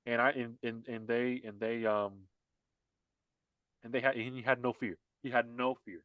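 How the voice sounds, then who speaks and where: A man co-hosting a casual political podcast chat talks in a heated, emphatic way, repeating himself and restarting often. His voice is medium-pitched and steady in tone at a normal speed, and the recording is dry and lo-fi.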